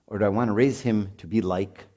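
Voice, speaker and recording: A man's voice: on the low side, fairly even intonation, a little fast, a little mellow. A middle-aged man giving a joking, conversational talk at a marriage retreat and putting questions to his audience. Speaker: retreat speaker.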